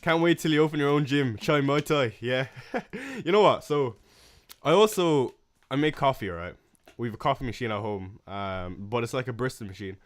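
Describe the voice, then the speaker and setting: Relaxed young man, smooth voice. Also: mid-range voice, moderate pace. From Ireland. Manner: relaxed, rambling, filler-heavy. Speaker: livestream host answering chat questions. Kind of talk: casual live Q&A chat.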